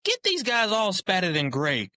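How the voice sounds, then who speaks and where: A man doing a high, blurting old football coach. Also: wildly swooping pitch, a little slow, sharp tone, no room sound, studio quality, heavily acted. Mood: approving. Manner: sudden high-pitched blurting impression. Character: gruff older male football head coach.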